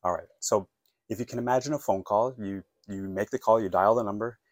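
A man's voice: lowish voice, brisk, no echo, studio quality. A man teaching a phone-English lesson, encouraging and checking in often with "okay?" and "right?".

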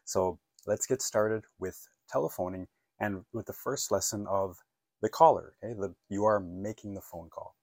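A man's voice: fairly low pitch, moderate pace, a little mellow, dry recording, clean studio sound. A man teaching a phone-English lesson, encouraging and checking in often with "okay?" and "right?".

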